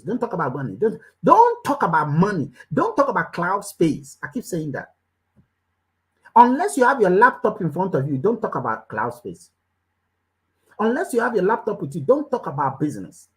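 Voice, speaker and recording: A woman with a lowish voice coaches a business audience in a motivational talk, captured on a low-quality recording. She keeps hammering the same short commands emphatically and preaches by questioning her listeners directly.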